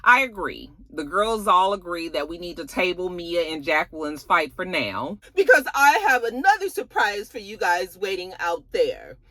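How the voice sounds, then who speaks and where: A woman's voice: on the low side, moderate pace, few pauses, no echo. A woman recapping a reality show in a chatty, colloquial, sassy way, acting out what people said. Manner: animated, acts out quotes dramatically. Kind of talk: casual recap vlog.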